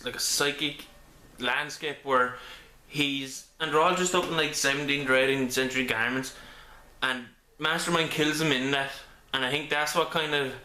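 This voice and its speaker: A man talks through a comic book review in a casual, rambling way, stopping often to restart his sentences. His voice is bright and forward. It is picked up on a camera mic in an echoey room at home. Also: fairly high pitch. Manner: rambling with many ums and restarts.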